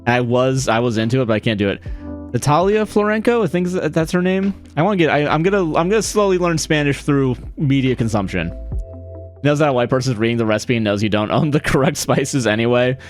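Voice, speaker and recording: A man's voice: mid-range voice, animated, fast talker, soft background music. A man chatting casually on a live stream, rambling and correcting himself, often apologizing and laughing.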